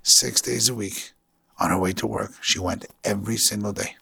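Male rabbi, husky and gravelly, earnest sermon storytelling. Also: lowish voice, normal speed, bright, forceful tone. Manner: earnest storytelling with Yiddish and Hebrew terms.

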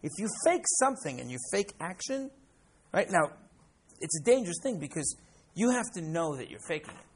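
A man's voice: high-pitched, very animated, brisk, husky. A man in his sixties from the United States, a rabbi teaching a class through stories, repeating words and often asking "right?". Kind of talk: classroom lesson with personal stories.

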